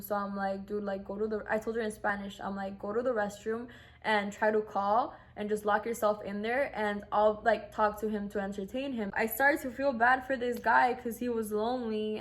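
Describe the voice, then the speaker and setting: A young woman in her twenties, casually telling a personal story, full of "like" and acting out what others said. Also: a little high. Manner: chatty, acts out quoted voices, lots of "like". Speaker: vlogger.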